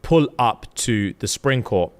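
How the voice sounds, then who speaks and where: A man's voice: medium pitch, expressive, takes it slowly, darkish tone. A man hosting a podcast, casually retelling a story in slangy speech that is full of swearing. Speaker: podcast host.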